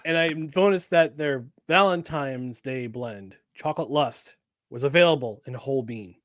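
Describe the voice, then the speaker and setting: A man hosting a podcast in casual chat, plugging a sponsor like an upbeat pitchman and repeating the calls to action. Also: a little slow, long pauses, no echo. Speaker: podcast host.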